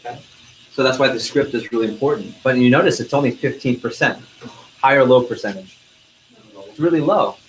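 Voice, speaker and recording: A man's voice: medium pitch, a little fast, slight background noise, poor audio. A man leading a live sales training session, energetically quizzing the trainees in the room.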